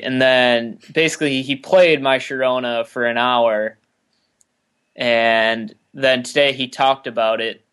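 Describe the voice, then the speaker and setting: A man's voice: mid-range voice, fairly bright tone, smooth. A man co-hosting a music podcast, rambling with lots of fillers in casual chat. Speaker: podcast co-host.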